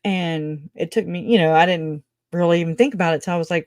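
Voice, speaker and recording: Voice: mid-range voice, steady tone, normal speed, a little mellow, dry recording, clean studio sound. A true crime channel host giving casual livestream commentary, rambling through tangents and laughing often.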